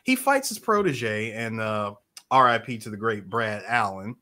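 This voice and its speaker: Lively, bright-voiced male co-host. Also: lowish voice, a little slow. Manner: argumentative, lively. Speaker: podcast co-host. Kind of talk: casual chat.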